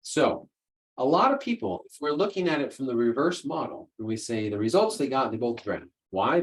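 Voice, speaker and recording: A man's voice: medium pitch, rough recording. A man hosting a solo podcast, explaining ideas in an earnest, conversational way. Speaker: podcast host, coach.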